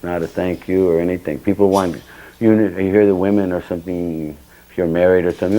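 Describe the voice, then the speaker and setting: A man's voice: low voice, normal speed, dark tone, low-quality recording. An older man giving a temple scripture class, telling personal stories and acting out the dialogue with sudden bursts of emphasis. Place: temple hall.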